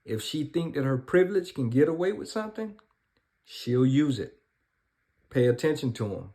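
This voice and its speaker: A man's voice: medium pitch, sing-song, normal speed, warm tone. A man hosting an online commentary show, speaking directly to viewers he calls folks. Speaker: commentary host.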